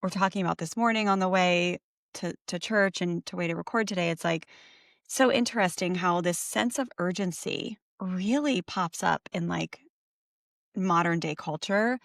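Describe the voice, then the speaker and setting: Gravelly, chatty woman podcast co-host. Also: on the low side, moderate pace, dry recording, studio quality. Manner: chatty, many "like" fillers, self-correcting. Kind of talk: casual conversational storytelling.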